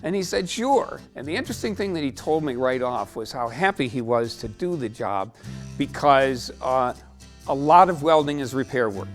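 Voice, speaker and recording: A man talks in a friendly, appreciative way at a mid pitch. Faint guitar music plays under his voice. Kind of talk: documentary interview.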